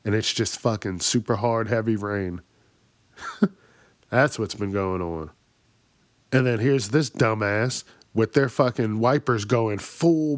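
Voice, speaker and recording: A man's voice: medium pitch, no room sound. A man hosting a podcast, delivering a profane, exasperated comedic rant. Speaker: podcast host. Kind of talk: ranting comedic monologue.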